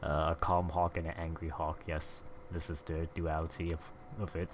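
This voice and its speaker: A man's voice: a bass voice, monotone, moderate pace, slight background noise. A man streaming and drawing, chatting in a laid-back way and laughing often. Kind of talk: casual stream chat.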